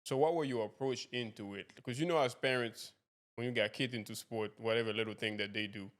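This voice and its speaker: A man's voice: medium pitch, brisk, fairly bright tone. A man hosting a podcast interview, asking long rambling questions that loop back and restart. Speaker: podcast host. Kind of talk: casual interview.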